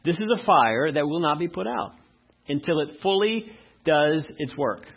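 A man preaching a sermon as pastor, reading verses slowly and loudly, then dropping to quiet asides. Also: a little high, lively intonation, vocal fry, husky, dull audio.

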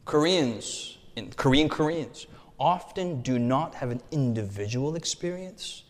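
A young American man preaching a sermon with animated rhetorical contrasts and call-and-response. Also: medium pitch, measured pace. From United States. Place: church hall. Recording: reverberant hall.

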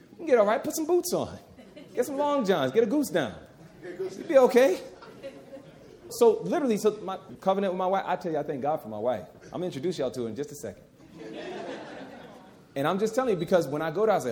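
A man's voice: on the high side, big pitch swings, fast talker, a little mellow. A middle-aged man preaching a sermon, emphatic and folksy, repeating key phrases and talking to the crowd as "y'all".

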